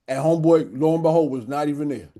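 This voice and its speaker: A middle-aged man with a somewhat high-pitched voice, co-hosting a casual panel talk. He tells his story in an animated, blunt and profane way, like a youth club leader speaking his mind. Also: quick pace.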